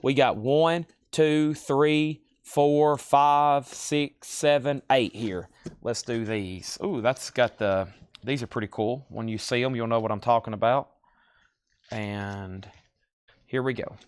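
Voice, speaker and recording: A man's voice: mid-range voice, steady tone, takes it slowly, smooth, no echo. A man hosting a live record sale, chatty, rattling off titles and prices between side stories.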